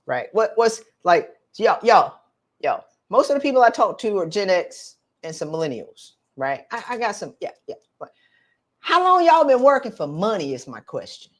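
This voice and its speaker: A middle-aged woman, coaching viewers in an animated, direct, slangy way on a live stream. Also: medium pitch, moderate pace. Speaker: career coach for women.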